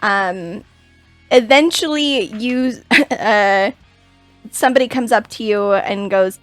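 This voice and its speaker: A woman narrating as game master of a tabletop game, often pausing on fillers. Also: mid-range voice, a bit bright, dry recording, faint music behind. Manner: halting, many fillers.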